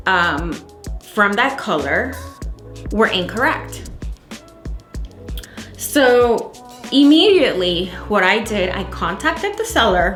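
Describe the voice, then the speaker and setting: Woman, candle maker vlog, casual and animated, exasperated, roomy echo, faint background music. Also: medium pitch. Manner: animated, exasperated, acts out dialogue. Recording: echoey room, faint music.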